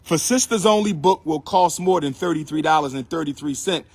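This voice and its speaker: A man's voice: a little high, brisk, slightly rough, no room sound. A man hosting a live stream, lecturing his viewers in a preachy, repetitive way and calling on them to respond. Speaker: livestream host and lecturer.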